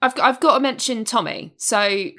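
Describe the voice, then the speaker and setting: A woman's voice: on the high side, normal speed, bright, forceful tone. A British woman chatting about a film's cast, enthusiastic and prone to repeating herself. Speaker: podcast co-host. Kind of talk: casual film discussion.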